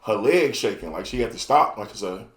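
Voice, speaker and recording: In an echoey podcast studio, a man with a lowish voice tells a crude story at a fast clip. His delivery is loose, casual and lively, packed with fillers like "you know" and "you know what I'm saying."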